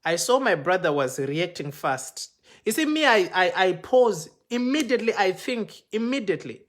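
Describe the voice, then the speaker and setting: This is a relaxed, off-the-cuff livestream in which a pastor recounts his own experiences, recorded on a phone mic at his home. He has a somewhat high voice for a man. When he reports what others said, he dramatizes it, raising his pitch and quickening his delivery.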